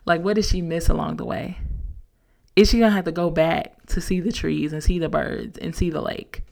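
A young woman talks through her podcast with a slightly low voice that catches into fry. She tells her story in an animated, chatty way, full of casual slang. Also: moderate pace. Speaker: podcast host. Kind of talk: casual motivational talk.

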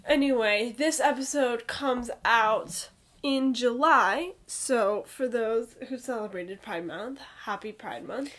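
A woman's voice: on the high side, slow pace. A young woman co-hosting a podcast, chatting casually with dry asides and reading the sign-off. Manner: relaxed, dry interjections, reads the sign-off. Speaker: podcast co-host.

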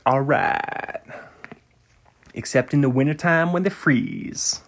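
A man's voice: on the high side, big pitch swings, slow, gravelly, long pauses, fairly bright tone, slightly rough. A man hosting a podcast in casual chat, rambling and musing aloud, often trailing off mid-sentence. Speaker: podcast host.

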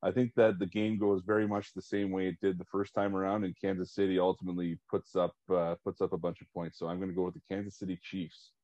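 Male podcast co-host, easygoing, low voice, dry muffled recording. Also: little pitch movement, mellow, dry recording. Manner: easygoing, lots of quick agreement. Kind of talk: casual banter. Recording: dry, dull lo-fi sound.

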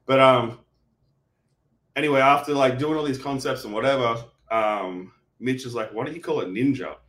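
A man's voice: medium pitch, moderate pace, a bit bright. A man, a guest chatting casually and rambling about his brand, swearing now and then. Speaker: guest, supplement brand founder. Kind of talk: casual interview chat.

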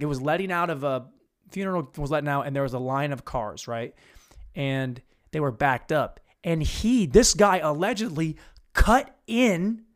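Profane, animated male storyteller. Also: a little high. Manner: casual, profane, animated retelling. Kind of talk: comedic storytelling.

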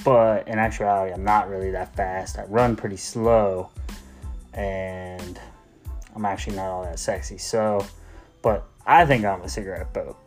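A man's voice: low voice, fairly even intonation, measured pace, soft background music. A man hosting his own podcast, talking in a casual, comedic rant full of "like" and restarts while riding in a car. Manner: rambling, exasperated, repeats "like". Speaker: podcast host.

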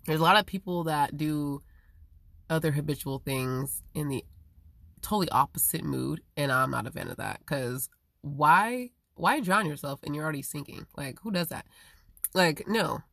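A woman with a low, gravelly voice delivers a rambling, profane monologue. She swings from loud, emphatic bursts to low mutters. The sound is dry and close, with no room echo. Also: moderate pace.

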